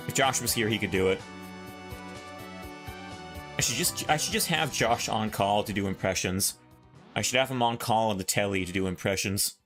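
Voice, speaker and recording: A man's voice: fairly low pitch, fairly quick. Playful man chatting over game music. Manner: playful, jokey, talks to himself while playing. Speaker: let's play host. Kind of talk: casual gameplay commentary.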